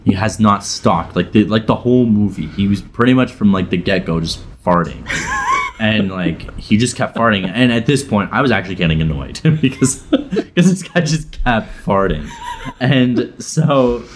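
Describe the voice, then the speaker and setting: A man's voice: on the low side, lively intonation, normal speed, a little hiss or hum. A man telling a funny story in casual chat, rambling with many restarts and laughing often. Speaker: storyteller guest.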